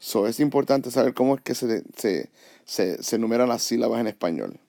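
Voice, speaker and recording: A man's voice: mid-range voice, animated, fast talker, creaky, mellow, no room sound, clean studio sound. A man teaching a Spanish lesson over a whiteboard, explaining patiently step by step and switching between English and Spanish.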